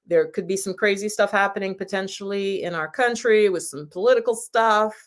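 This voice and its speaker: Woman host, live-stream chat, middle pitch, rambling and laughing between asides. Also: fairly quick. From United States. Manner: chatty and warm, with frequent laughs and rambling asides. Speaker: YouTube channel host.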